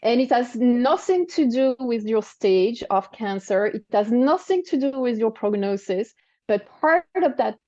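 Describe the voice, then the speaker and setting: A woman in her forties speaking English with a French accent, answering interview questions in a reflective, explanatory way. Her voice is fairly high but mellow and soft-toned. The sound is dry and slightly dull. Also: no room sound. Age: 40s. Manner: reflective, explanatory, frequent "right?" and "you know". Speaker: guest. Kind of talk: interview conversation.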